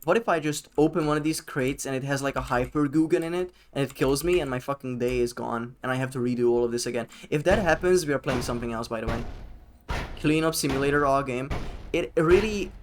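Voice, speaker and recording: A man's voice: mid-range voice, fast, slight background noise. A man live-streaming a game, chatting casually with his chat, rambling and swearing freely.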